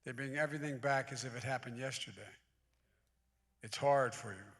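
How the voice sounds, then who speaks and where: In a large church sanctuary with long reverb, an American man in his eighties gives a guest speech at a service, alternating folksy asides and emphatic oratory. His mid-range voice is fairly quick and fairly bright.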